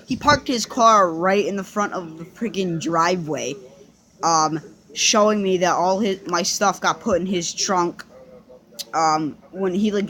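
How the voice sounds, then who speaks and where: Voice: mid-range voice, fairly bright tone. A young person casually telling a personal story to the camera, rambling through restarts and fillers and swearing now and then.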